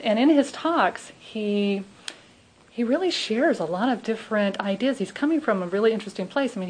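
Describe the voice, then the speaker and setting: A woman's voice: medium pitch, rough recording. A middle-aged woman with a Southern US accent, a minister giving an informal, chatty talk to her congregation. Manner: chatty, laughing, many restarts.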